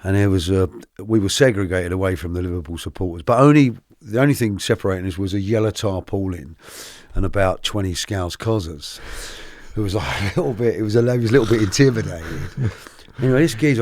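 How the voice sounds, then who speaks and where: A middle-aged man, a podcast guest telling his life story candidly, animated and often restarting his sentences. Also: on the low side, no room sound, clean studio sound. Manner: animated, halting with many restarts.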